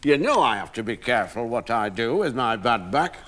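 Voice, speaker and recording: A work-shy grumbling husband. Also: male voice, mid-range voice, very animated, a little fast, fairly bright tone. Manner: grumbling, defensive. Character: work-shy, complaining middle-aged husband. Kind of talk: television play acting.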